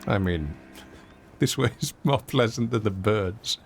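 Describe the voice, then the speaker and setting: A man's voice: lowish voice, takes it slowly, creaky, soft background music. A man streaming a video game, giving casual, playful, self-mocking commentary as he plays.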